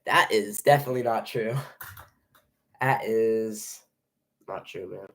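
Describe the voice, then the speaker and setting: A man's voice: lowish voice, takes it slowly. Jittery young man calling a game live. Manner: nervous, excitable, stumbling over restarts. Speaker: fan streaming a live game reaction. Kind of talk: live play-by-play reaction.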